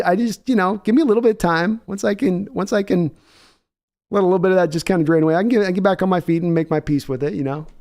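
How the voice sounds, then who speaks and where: Casting: young male streamer, slightly high, smooth clear voice, rambling and self-deprecating, reads donations live. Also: darkish tone. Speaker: livestream host.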